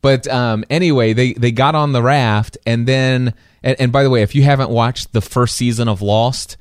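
Man, podcast co-host, casual storytelling, animated, mid-pitched voice, dry close sound. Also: clear, resonant tone, no room sound. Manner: animated, quick asides, acts out his own reactions.

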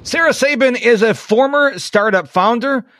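A man's voice: very high-pitched, moderate pace, sharp tone, no room sound. American guy hosting a podcast, keen and talky, dry close sound. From Rochester, New York. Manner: chatty, enthusiastic, repeats himself. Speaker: podcast host. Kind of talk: casual interview chat.

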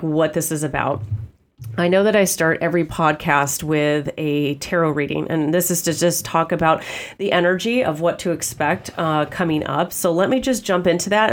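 Podcast host, woman, congested and nasal from a cold, low-pitched, chatty and loose, thinks out loud. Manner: chatty, frequent "okay?" check-ins, laughs easily. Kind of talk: off-the-cuff spiritual podcast monologue.

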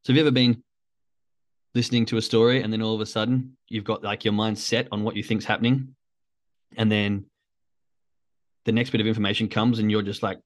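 A man's voice: lowish voice, steady tone, fast, no room sound. A man hosting a casual motivational call, talking to a live chat in a loose, conversational way full of fillers. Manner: conversational, uses many fillers, acts out quoted thoughts. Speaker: podcast host.

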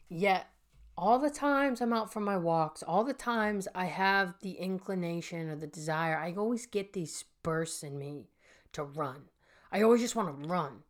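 Slow-talking earnest woman podcaster. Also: fairly low pitch, lively intonation. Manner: earnest, addresses listeners directly as "you guys". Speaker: podcast host and healing coach. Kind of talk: personal storytelling monologue.

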